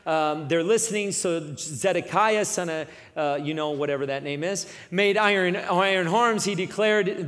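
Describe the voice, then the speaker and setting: A man preaching a sermon, retelling a scripture story with lively energy and frequent asides. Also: high-pitched, measured pace, few pauses, big-room sound. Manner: energetic, acts out characters, frequent "right?".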